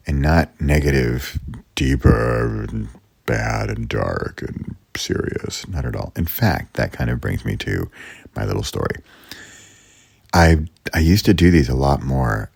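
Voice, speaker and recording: A man's voice: rumbling low, gravelly, a little mellow, husky, no room sound. A man hosting his own podcast, talking alone in a rambling, chatty way, often interrupting and teasing himself. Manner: playful and self-mocking. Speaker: podcast host. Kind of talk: casual solo podcast monologue.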